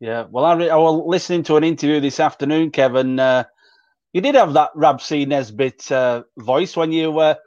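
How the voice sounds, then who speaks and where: A man's voice: on the high side, normal speed, a little mellow, no echo. A man hosting an interview in a casual manner, chatting with his guest. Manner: casual, calls the guest mate. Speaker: podcast host. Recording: dry, dull lo-fi sound.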